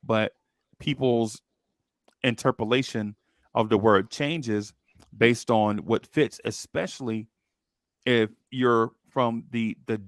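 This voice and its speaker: A man's voice: mid-range voice, fairly even intonation, takes it slowly, pauses often, dry recording, clean studio sound. A young man co-hosting a casual podcast chat, rambling and repeating words as he thinks. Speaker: podcast co-host.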